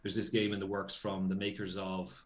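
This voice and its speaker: A man's voice: deep voice, completely flat delivery, a little fast, crowd noise. An Irish man, a voice actor, telling a rambling story in an interview, interrupting himself often and acting out the lines he quotes. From Ireland. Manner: rambling, self-interrupting, acts out quoted dialogue. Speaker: voice actor guest.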